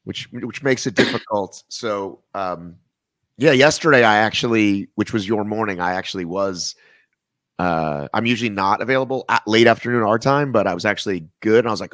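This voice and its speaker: A man hosts a relaxed chat, joking and wandering off on tangents. His voice sits fairly low, and the sound is dry and close. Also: fairly quick, no echo. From American South. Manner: rambling, jokey, goes off on tangents. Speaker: podcast host. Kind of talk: casual video-call interview.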